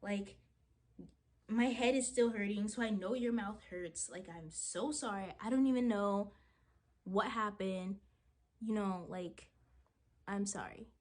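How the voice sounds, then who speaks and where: A young woman vlogger chatting to the camera while getting ready, retelling a story in an animated, dramatic way with lots of "like"s. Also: mid-range voice, unhurried, long pauses.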